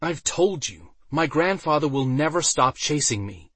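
A man's voice: fairly high pitch, lively intonation, unhurried, fairly bright tone, slightly rough, no room sound, voice pushed up, heavily acted. A man voicing a vain, pompous male mage who declaims theatrically. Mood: smug.

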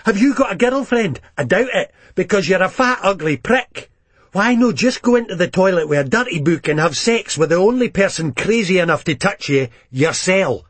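A man's voice: sits high, big pitch swings, normal speed, breathy edge, no echo, voice pushed up, exaggerated voice. A man voicing a fierce, foul-mouthed young Scottish woman, scornful and cutting, with a Scottish accent.

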